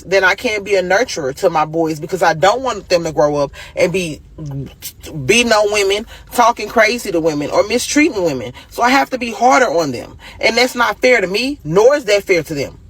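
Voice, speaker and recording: A woman's voice: medium pitch, expressive, brisk, breathy edge, no room sound. A woman venting angrily and with lots of profanity about raising her sons alone as a single mother. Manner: angry, profane, exasperated. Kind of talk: emotional venting monologue.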